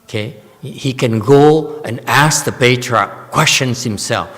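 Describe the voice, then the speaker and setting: A man's voice: mid-range voice, measured pace, fairly bright tone. A man, a Buddhist master giving a Dharma lecture on a sutra, teasing and quizzing his audience with emphatic questions. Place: temple lecture hall. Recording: reverberant hall.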